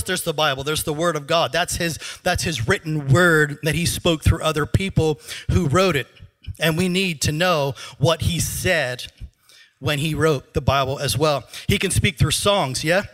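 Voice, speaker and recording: A middle-aged man preaches a sermon from a church stage with a handheld mic, his voice high and bright. He talks in an animated, joking way, and his throat troubles him, so he clears it often. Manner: animated, joking, laughs at his own asides. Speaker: pastor.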